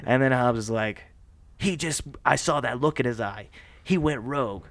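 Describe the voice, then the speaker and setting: A man co-hosting a podcast, recapping a movie plot in a casual, animated way, laughing often and slipping into voices for the characters. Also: medium pitch, normal speed, no room sound. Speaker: podcast co-host.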